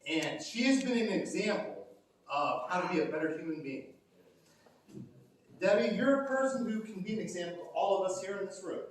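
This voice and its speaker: A man's voice: high-pitched, lively intonation, brisk, slight background noise. A man nervously and earnestly introducing an award recipient at a banquet, getting a little emotional. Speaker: award presenter. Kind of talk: introduction speech. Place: banquet hall. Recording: echoey banquet hall, distant mic.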